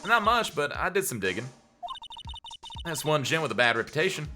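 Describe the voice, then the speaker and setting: A man's voice: a little high, sing-song, normal speed, over music. A man voicing a brash young woman photographer in a put-on American Southern accent while reading game dialogue aloud, folksy and blunt.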